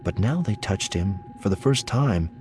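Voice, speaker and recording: Deep-voiced guy reading a novel aloud, slow, lots of pitch movement, faint hiss. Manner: measured, expressive storytelling. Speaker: audiobook narrator. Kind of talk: scripted narration.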